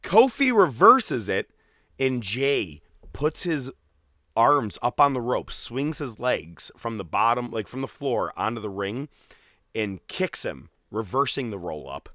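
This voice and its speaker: A man tells stories with animated energy, slipping into quoted voices and swearing freely. His voice is bright and forward. The recording is dry and close, with no room sound. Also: medium pitch, a little slow, dry recording. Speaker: podcast co-host. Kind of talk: casual wrestling recap chat.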